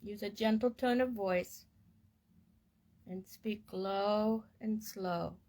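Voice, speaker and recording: A woman reading a parenting course book aloud in a gentle, measured and soothing way. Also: mid-range voice. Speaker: reader of a parenting course text.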